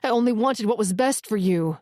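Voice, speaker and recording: A man's voice: sits high, a little fast, a little mellow, no echo, studio quality, voice pushed up, natural voice. A woman voicing a desperate male werewolf begging his brother's forgiveness in a shaky, pleading voice.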